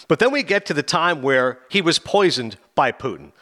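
Quick animated guy on a talk show, voice a bit high, jumps around a lot. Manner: animated, acts out scenes with quoted voices. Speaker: film reviewer on a talk show. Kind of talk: casual chat.

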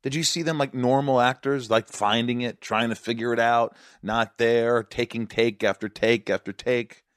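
A man's voice: mid-range voice, steady tone, normal speed, smooth, dry recording, studio quality. A man hosting a podcast, asking jokey, probing questions. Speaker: podcast host. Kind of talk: casual podcast interview.

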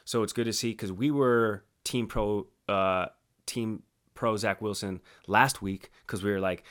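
A man's voice: on the low side, steady tone, a little slow, fairly bright tone, clear, resonant tone. A man co-hosting a sports talk show, joking in laid-back banter. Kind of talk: casual sports chat.

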